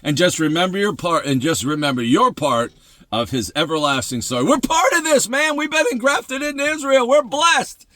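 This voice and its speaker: A high-pitched man hosts a devotional show, preaching at a moderate pace in an excitable, emphatic style. He repeats phrases and often bursts into laughter, with no echo on the recording.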